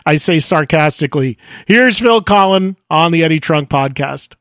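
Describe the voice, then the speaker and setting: Upbeat high-voiced male podcast host. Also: expressive, a bit bright, dry recording, studio quality. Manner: upbeat, talks in quick bursts with restarts. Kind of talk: casual radio-style interview.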